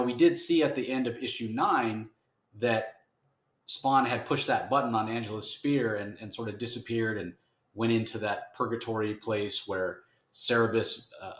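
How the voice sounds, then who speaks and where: A man's voice: medium pitch, a bit bright. A man co-hosting a podcast, chatting casually and wryly as he reviews a comic, often restarting his sentences. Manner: rambling, wry, many restarts. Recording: roomy echo.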